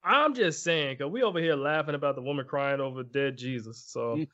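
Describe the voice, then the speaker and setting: A man's voice: mid-range voice, brisk, sharp tone, lo-fi sound. A man co-hosting a podcast in casual chat, earnestly steering the topics. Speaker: podcast co-host.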